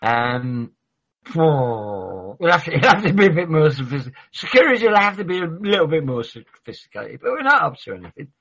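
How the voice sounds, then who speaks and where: A man's voice: fairly high pitch, sing-song, brisk, creaky, a bit bright. A man talking in a rambling, sweary, argumentative way in a heated casual chat. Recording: dull lo-fi audio.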